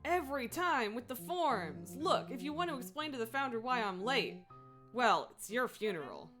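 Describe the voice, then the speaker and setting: A woman's voice: fairly high pitch, sing-song, normal speed, a bit bright, faint music behind. A woman voicing a brash male delivery man in disguise, talking in a pushy, impatient, bluffing way while reading a game's dialogue aloud.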